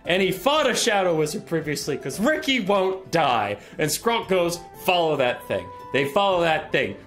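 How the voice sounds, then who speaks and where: Animated sarcastic young guy retelling lore. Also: high voice. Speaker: video creator. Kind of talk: comedic lore recap.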